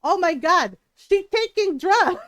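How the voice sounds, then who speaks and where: A woman mimicking her gossipy, judgmental aunts with shrill, dramatic gasps. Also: expressive, slow, a bit bright, no room sound, studio quality, heavily acted. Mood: scandalized.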